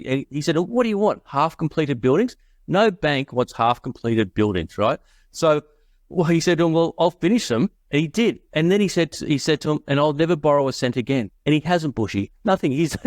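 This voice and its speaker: A man's voice: fairly high pitch, dry recording. A middle-aged man telling business stories in a casual podcast interview, quoting people in voices and laughing often. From Australia. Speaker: guest investor.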